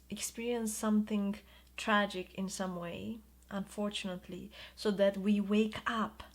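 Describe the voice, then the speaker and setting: A woman giving an intuitive tarot reading in a soft, soothing way, drawing out her words of reassurance. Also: medium pitch. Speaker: tarot reader.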